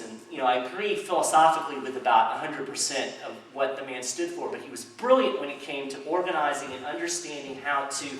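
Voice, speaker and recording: A man giving a public talk to a crowd in a chamber of commerce hall, in an animated storytelling manner. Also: medium pitch. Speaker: speaker. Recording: echoey hall, distant mic, faint noise.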